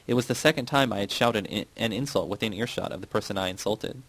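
Gravelly man narrating an audiobook. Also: on the low side, fast, a bit bright, dry recording, rough recording. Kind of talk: first-person audiobook narration.

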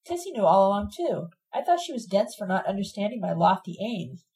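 A woman's voice: mid-range voice, very animated, a little fast, mellow, poor audio. A woman voicing a furious, disillusioned young radical woman who talks in accusing, sarcastic bursts, in a read-aloud novel.

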